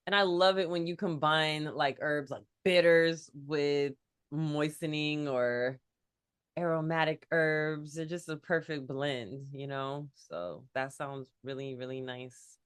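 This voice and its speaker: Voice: medium pitch, slow, a bit bright, clean tone. A co-host herbalist in casual chat, enthusiastic and playful, laughing a lot.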